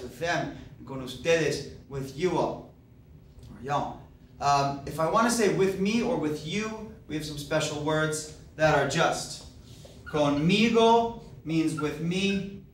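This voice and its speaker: A man teaching a Spanish grammar lesson, explaining step by step with patient fillers. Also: a little high. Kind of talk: recorded classroom lecture. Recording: echoey room, voice far from mic, faint hiss.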